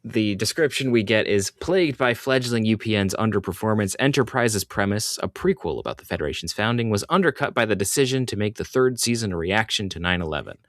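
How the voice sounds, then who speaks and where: A man's voice: fairly low pitch, animated, fairly quick, hardly any pauses, no echo, studio quality. A man co-hosting a podcast, casually recapping with lots of fillers and restarts. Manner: rambling, filler-heavy recaps. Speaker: podcast co-host. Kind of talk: casual chat.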